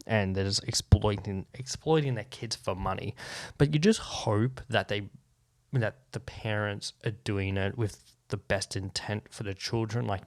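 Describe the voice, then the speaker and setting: A young man hosts his own podcast in a relaxed, chatty way, swearing often and laughing at his own remarks. His voice sits fairly low for a man. The sound is close and dry on the microphone. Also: no echo. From Australia. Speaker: podcast host. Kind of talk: casual solo podcast chat.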